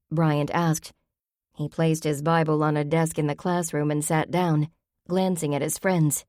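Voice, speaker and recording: Woman narrator, low pitched, dry close sound, measured storytelling. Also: level tone, darkish tone, no echo. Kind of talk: audiobook narration.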